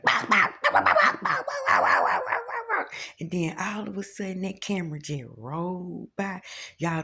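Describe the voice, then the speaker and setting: A woman's voice: fairly low pitch, breathy edge. A woman vlogging in a chatty, folksy way, talking straight to her viewers about faith and everyday life. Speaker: spiritual vlogger. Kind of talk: casual talk to camera.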